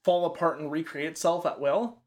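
A man with a voice a bit higher than most men's talks loosely through a horror film plot. He rambles, fills his sentences with "like" and swears casually. It is relaxed, unscripted chat between friends. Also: brisk.

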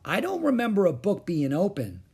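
A man putting on an eager, excitable little girl, raised high and bright, bouncy and lively in pitch, slightly husky underneath, a storybook voice that rushes toward every new thing. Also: heavily acted. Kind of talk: storybook reading.

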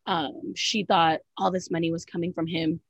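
A woman's voice: on the low side, flat delivery, normal speed, no room sound, poor audio. A woman co-hosting a casual recap of a reality show, blunt and profane, filling her talk with "like" and "literally". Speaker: podcast co-host.

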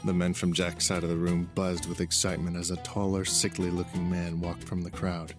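A man reading an audiobook chapter aloud as narrator, in a steady storytelling way. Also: low voice, a little fast. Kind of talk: scripted narration. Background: music.

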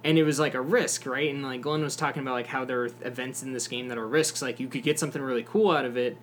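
A young podcast co-host rambles casually about a video game, talking quickly in a steady, medium-pitched voice. There is a little hiss or hum, and his speech is full of fillers and swearing.

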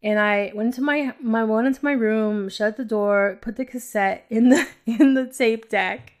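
Speaking at normal speed in a slightly high voice, a New York City woman hosts a podcast where she shares a casual personal faith testimony. She rambles and jokes, often laughing between phrases.

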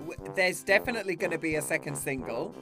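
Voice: medium pitch, expressive, fast talker, music in the background. A podcast co-host speaking bluntly and wryly in casual chat. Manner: blunt, wry.

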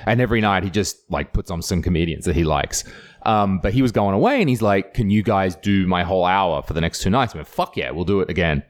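A low-voiced man with an Estonian accent talks casually on a comedy podcast. He swears freely and tells his stories with lively shouted impressions, loose and relaxed. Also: fast talker. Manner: swearing, animated storytelling with loud put-on shouts. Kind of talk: casual chat.

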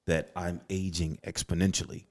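A man's voice: low voice, level tone, moderate pace, a little mellow. A middle-aged man co-hosting a podcast in a studio, talking reflectively in casual chat and often restarting his sentences. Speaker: podcast co-host.

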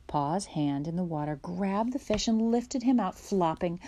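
Low, mellow woman reading a storybook. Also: expressive, moderate pace. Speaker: narrator. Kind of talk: storybook read-aloud.

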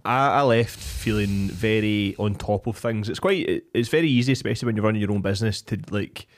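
Casting: Scottish male co-host, lowish voice, rapid sweary storytelling. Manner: storytelling, sweary, mocking asides. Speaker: podcast co-host. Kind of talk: casual chat.

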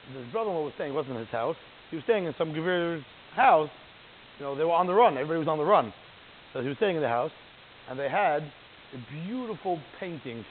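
A man giving a lively, digressive lecture as a religious teacher, often checking in with "right?". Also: fairly high pitch, a little hiss or hum. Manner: animated, digressive, keeps asking "right?". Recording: tinny phone-like line.

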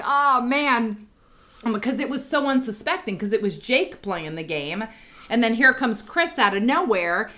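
A woman's voice: mid-range voice, fairly bright tone. A middle-aged woman co-hosting a podcast, animatedly telling a family story and laughing along. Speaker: podcast co-host. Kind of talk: casual storytelling chat.

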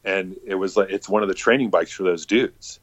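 A man's voice: deep voice, fairly quick, no room sound, lo-fi sound. A man telling a casual, rambling story full of swearing and filler words.

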